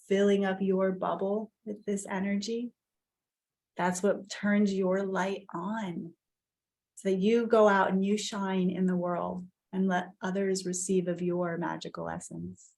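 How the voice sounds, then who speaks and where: A woman hosting an online spiritual women's circle over a video call, speaking in an affirming, gently emotional way. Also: fairly low pitch, gravelly. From lives in Costa Rica.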